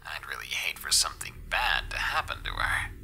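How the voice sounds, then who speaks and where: A man's voice: very deep voice, sing-song, moderate pace, creaky, pitched below the performer's own voice, exaggerated voice. A man voicing a menacing male trucker killer who taunts in a sinister whisper over the radio in a storybook horror reading. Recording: whisper over loud dark music.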